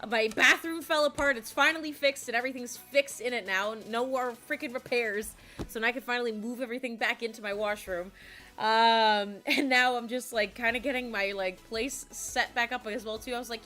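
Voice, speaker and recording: Bright-voiced bubbly woman streamer, hoarse. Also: a little high, moderate pace, soft background music. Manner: bubbly, giggly, greets chat excitedly. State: hoarse, voice cracking. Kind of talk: casual live-stream chat.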